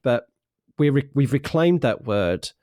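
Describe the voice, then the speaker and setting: Enthusiastic British podcast host, dry sound. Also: male voice, medium pitch, measured pace, no echo. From United Kingdom. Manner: enthusiastic, animated, many restarts. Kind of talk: casual podcast interview.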